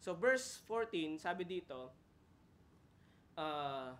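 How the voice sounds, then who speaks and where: A man's voice: fairly high pitch, expressive, slow pace, fairly bright tone, slight background noise. A man with a Filipino accent teaching a Bible lesson in a conversational way, often checking in with "okay?" and correcting himself mid-word. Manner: conversational, frequent "okay?" tag questions and self-corrections. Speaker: preacher at a Bible study. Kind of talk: teaching sermon, mixing Tagalog and English.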